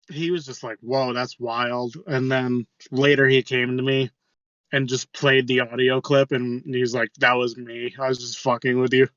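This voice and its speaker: A man's voice: medium pitch, no room sound, dull audio. A man co-hosting a podcast, telling stories in casual chat with lots of fillers and swearing. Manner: rambling storytelling, heavy swearing. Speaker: podcast co-host.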